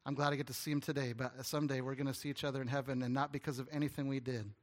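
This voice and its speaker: A man preaching a sermon as pastor, telling stories and acting out little dialogues, moving between hushed and loud delivery. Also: medium pitch, little pitch movement, very fast. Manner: storytelling preacher, dropping to hushed tones and rising to loud ones; acts out little dialogues with the congregation.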